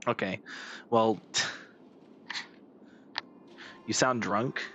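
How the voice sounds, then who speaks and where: A man's voice: a little high, big pitch swings, a little slow, long pauses, fairly bright tone. Playful, chatty young male streamer. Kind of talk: casual live-stream chat. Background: game music.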